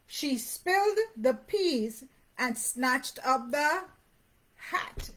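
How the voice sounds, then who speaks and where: Slow, high-voiced woman reading to children. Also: fairly bright tone. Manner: pauses to ask the young listener questions about the pictures; sing-song reading of rhymes and sound words. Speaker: children's book reader. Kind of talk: reading a picture book aloud to young children.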